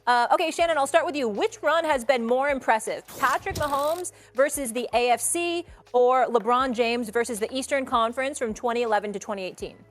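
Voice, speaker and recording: A woman moderating a sports debate show, briskly reading figures and posing a question. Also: high-pitched.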